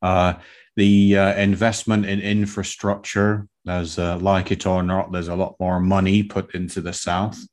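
A man's voice: low-pitched, level tone, measured pace, a little mellow. A man playing Tristan, a pompous, worldly-wise male pasty, in a comic game show. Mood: boastful. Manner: pompous, grandly self-assured.

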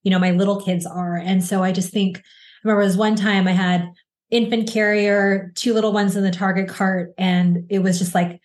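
A woman in her forties talks in a relaxed, chatty way. She tells stories with energy and slips into quoted voices. Her voice sits at a middle pitch. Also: brisk. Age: 40s. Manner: animated storyteller, acts out quoted voices. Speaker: podcast co-host. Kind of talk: casual chat.

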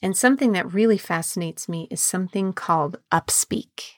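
Calm low-voiced woman coaching, dry mic. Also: no echo. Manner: calm, measured, drawn-out emphasis on key words. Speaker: podcast host and embodiment coach. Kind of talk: podcast monologue.

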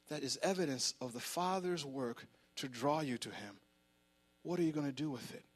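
A man's voice: fairly high pitch, fairly bright tone. A man preaching a sermon in a church, fervent and emphatic, repeating words as he presses his point. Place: church sanctuary.

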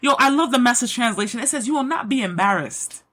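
A woman delivers a fired-up devotional pep talk, hammering the same lines again and again. Her voice is on the higher side and a little breathy. She reads scripture aloud and then prays, and her excitement keeps spilling over. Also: fast. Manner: emphatic, excitable and repetitive. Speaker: Christian motivational speaker.

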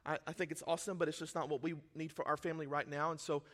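A pastor preaching, a man with a high, bright voice. He swings between hushed, confiding moments and near-shouting fervor, and he laughs at himself along the way. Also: level tone, very fast. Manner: emotional, swings from quiet to shouting; self-deprecating, laughs at himself. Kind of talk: sermon.

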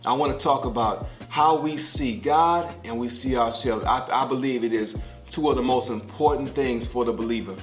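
A man's voice: medium pitch, moderate pace, roomy sound, soft background music. A middle-aged man giving a podcast devotional sermon, talking like a conversation and repeating key phrases for emphasis. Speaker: pastor.

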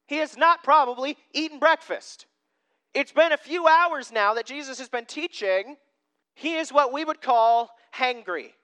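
Animated young preacher, bright clear voice. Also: mid-range voice. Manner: animated, acts out scenes, drops to a hush for emphasis. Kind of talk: sermon.

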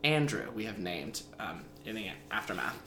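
A man in his twenties, co-hosting a podcast, telling a story in a lively way with lots of laughter. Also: fairly low pitch, normal speed, creaky. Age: 20s. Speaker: podcast co-host. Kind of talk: casual storytelling chat. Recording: echoey room, faint background noise.

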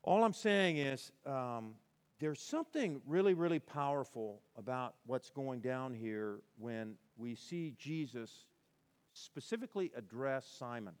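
A male pastor preaching a conversational sermon, animated and acting out quoted lines in between. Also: mid-range voice, a little slow, clear, resonant tone.

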